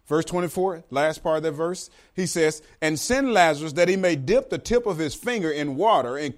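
A man's voice: fairly high pitch, expressive, moderate pace, hardly any pauses. A man preaching a sermon as pastor, talking to the congregation and acting out the voices of the characters in the story.

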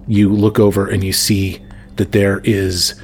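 A man's voice: fairly low pitch, flat delivery, a little slow, a little hiss or hum. A man narrating a tabletop game as game master, rambling with many fillers.

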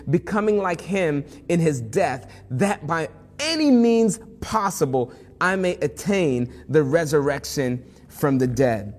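A man's voice: on the high side, darkish tone, big-room sound. A male pastor preaching a sermon in a conversational way that builds to fervent emphasis.

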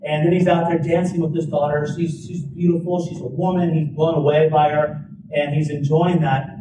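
A man's voice: a little high, normal speed. A man telling a personal story in a talk, informal, with lots of "like" fillers and restarts. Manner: informal, many "like" fillers and restarts, lively retelling. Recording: roomy, distant mic, faint background noise.

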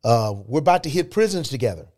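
Male guest, mid-pitched, emphatic storyteller in an interview. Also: fast. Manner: animated, emphatic storytelling with rising excitement.

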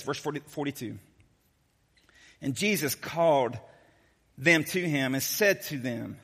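A man preaching a sermon as a pastor, telling the story in a casual, joking, animated way. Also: fairly high pitch, long reverb tail.

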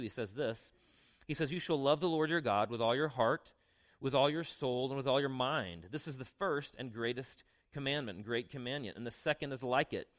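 A younger man, a pastor, preaching a sermon in a relaxed, conversational way, mixing scripture readings with asides and questions to the congregation. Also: mid-range voice.

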